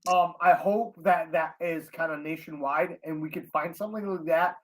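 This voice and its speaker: A podcast co-host with a middle-pitched voice, talking casually. The delivery is blunt and joking, full of profanity. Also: fairly even intonation, normal speed. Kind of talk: casual chat.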